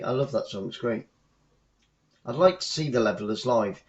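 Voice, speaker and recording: A man hosting a live fan stream from home, giving casual football commentary with chatty, rambling asides that turn excitable when the play heats up. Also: mid-range voice, moderate pace, long pauses, lo-fi sound. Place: at home, watching the match remotely.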